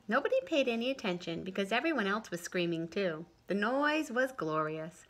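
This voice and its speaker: A woman's voice: mid-range voice, sing-song, normal speed, few pauses, a bit bright. A woman tutor reading a children's chapter book aloud and explaining it in a friendly way.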